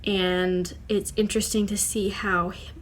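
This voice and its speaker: A woman's voice: medium pitch, little pitch movement, measured pace. A young woman, chatting casually in a writing vlog, rambling with lots of fillers. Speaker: vlogger.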